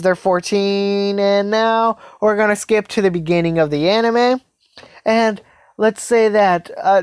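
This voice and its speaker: A woman's voice: lowish voice, a little mellow, clean tone, no room sound. Rambling woman telling a fan story. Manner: rambling, with many fillers and trailing phrases. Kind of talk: improvised fan-story narration.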